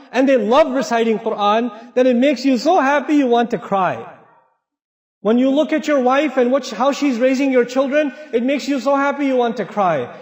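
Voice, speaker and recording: Man preaching in an echoey hall. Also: extremely high pitch. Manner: animated, acts out family quarrels in quick voices. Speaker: Islamic speaker. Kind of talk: sermon-style talk to a congregation. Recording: roomy hall reverb.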